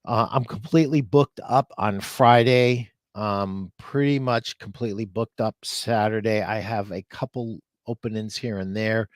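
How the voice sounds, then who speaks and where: A man's voice: on the low side, fairly even intonation, a little slow, few pauses, no room sound. A man talking earnestly on a live podcast, getting choked up as he thanks retailers. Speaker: furniture sales rep guest.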